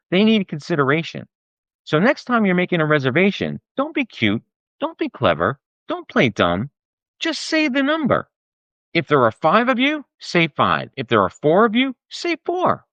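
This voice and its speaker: A man's voice: on the high side, fairly bright tone, no room sound, muffled recording. A man hosting a podcast, delivering an exasperated, sarcastic and profane comedic rant. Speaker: podcast host.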